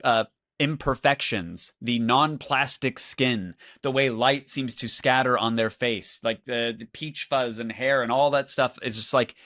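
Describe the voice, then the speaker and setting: A wry male podcast co-host talking in a relaxed, joking manner at an average pitch. He ribs his partner while walking through new tools. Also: a little slow. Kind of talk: casual tech podcast chat.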